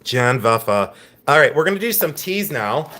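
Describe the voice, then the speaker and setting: A man's voice: mid-range voice, sing-song, moderate pace, bright, forceful tone. A man hosting a live-streamed jewelry auction, chatting and joking as he shows each lot. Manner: joking, chatty, self-mocking. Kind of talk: live-stream sales patter.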